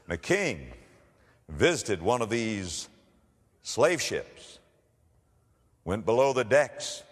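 A man preaching a sermon, telling stories and rising to loud emphatic declarations. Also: lowish voice, sing-song, slow, big-room sound. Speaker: pastor.

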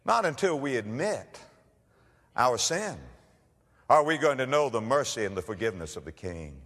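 A man preaching a sermon, telling stories and rising to loud emphatic declarations. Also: mid-range voice, big pitch swings, normal speed, in a large hall. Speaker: pastor.

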